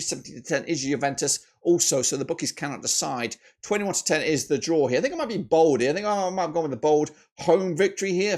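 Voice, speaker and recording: Animated man giving football predictions. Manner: animated, with frequent jumps in pitch and loudness; chatty, with filler "uh"s and self-corrections. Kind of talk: casual match-prediction commentary.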